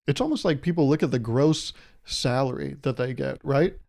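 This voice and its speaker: A man's voice: mid-range voice, normal speed, creaky, darkish tone. A man hosting a solo podcast, rambling through jokey analogies and laughing at his own jokes. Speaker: podcast host. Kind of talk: solo comedic podcast monologue.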